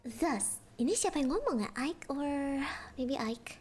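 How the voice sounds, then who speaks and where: High-pitched, giggly woman reading aloud. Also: expressive, measured pace, a little mellow. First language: Indonesian. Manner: giggly, playful. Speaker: streamer reading a story. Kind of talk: casual bedtime story reading stream.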